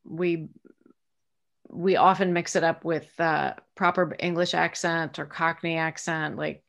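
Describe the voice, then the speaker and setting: A middle-aged American woman with a slightly low voice talks through her career in a relaxed interview. She is chatty and reflective, pausing on "um" and "uh" and restarting her sentences as she thinks. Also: creaky. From United States. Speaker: voice actress, interview guest. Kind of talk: casual interview answers.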